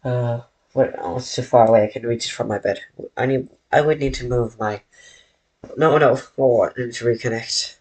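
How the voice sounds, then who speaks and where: A man with a steady, darkish voice of medium pitch rambles through a casual live stream while drawing in his bedroom. He speaks slowly, keeps correcting himself, and talks directly to chat.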